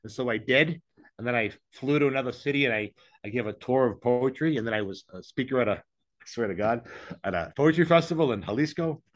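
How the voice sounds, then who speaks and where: A man's voice: medium pitch, animated, a little fast. Male interview guest, candid and meandering, self-mocking, recorded over a video call. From English-speaking, living in Mexico. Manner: frank, rambling, self-deprecating.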